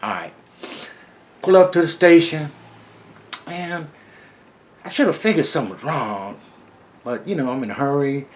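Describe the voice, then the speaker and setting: A man's voice: fairly high pitch, expressive, normal speed, pauses often, a little hiss or hum. A middle-aged man casually telling a first-person story in a laid-back, streetwise way, with plenty of profanity.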